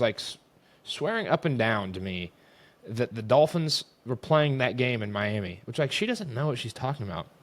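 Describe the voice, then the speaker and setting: A young man hosting a casual sports rant, exasperated and rambling as he vents. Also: mid-range voice. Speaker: host.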